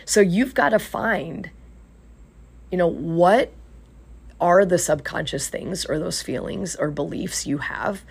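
Lady coach on a podcast, low husky voice w some gravel, chatty and earnest. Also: slow. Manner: earnest, retells conversations with acted quotes. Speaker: life coach and podcast host. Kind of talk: casual storytelling.

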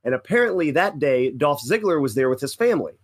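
A man's voice: a little high, very animated, fast talker, husky. A young man co-hosting a casual podcast, telling rambling anecdotes with lots of self-corrections. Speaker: podcast co-host. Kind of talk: casual storytelling.

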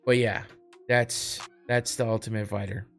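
A man's voice: on the low side, flat delivery, a little slow, vocal fry, faint music behind. A man hosting a casual sports podcast, talking loosely and swearing often as he mocks a fighter. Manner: profane, laughing, mocking. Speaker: podcast host.

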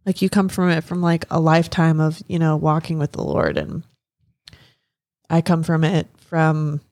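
A woman co-hosting a casual faith podcast, agreeable and quick to laugh. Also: low voice, animated, darkish tone, dry recording, studio quality. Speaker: podcast co-host.

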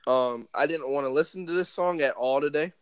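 A man's voice: fairly high pitch, fairly quick, smooth, no room sound. A man co-hosting a podcast in casual chat, rambling and swearing freely as he gets emotional. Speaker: podcast co-host.

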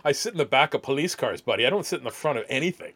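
A male comedian guest on a podcast, rambling through deadpan jokes and stories. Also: medium pitch, rapid-fire.

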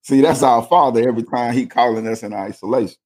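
Speaking fast in a mid-range, somewhat mellow voice, a man co-hosting a faith podcast chats casually, telling stories with emphatic, sermon-like conviction.

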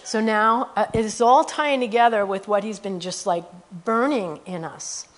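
A woman preaching a conversational sermon about her missionary work. She speaks earnestly, often adds "you know" and "okay?", and reads scripture quickly. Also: medium pitch.

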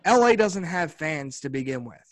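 A man co-hosting a casual sports podcast, talking in an animated, rambling way and laughing often. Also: on the high side, normal speed, no echo. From Philadelphia area. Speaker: podcast co-host.

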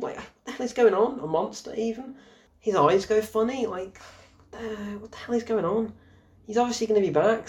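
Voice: mid-range voice, darkish tone. Exasperated, sarcastic film reviewer ranting. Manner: rambling with frequent restarts and fillers. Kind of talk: casual film review rant.

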